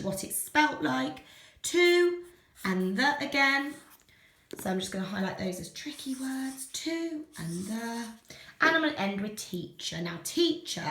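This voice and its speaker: A woman teacher demonstrating phonics and sentence writing, slowly sounding out letters and words. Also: medium pitch, bright, forceful tone, reverberant. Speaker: primary school teacher.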